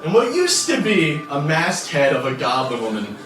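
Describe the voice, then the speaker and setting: This game master's voice is a little high and his pace moderate as he narrates a tabletop game in an easygoing style full of fillers. A distant mic catches him in a roomy space with faint music.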